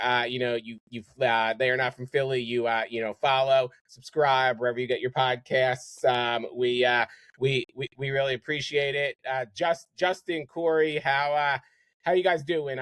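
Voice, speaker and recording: A man's voice: mid-range voice, fairly bright tone, dry recording. A man hosting a casual sports podcast, speaking hesitantly with lots of fillers and restarts. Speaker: podcast host.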